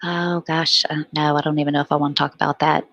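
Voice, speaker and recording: A woman with a low voice hosts a casual online panel, rambling and restarting as she talks and laughing often. Her voice is recorded dry and close, with no room sound. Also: little pitch movement, fast talker, gravelly, fairly bright tone, no room sound, lo-fi sound. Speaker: panel host.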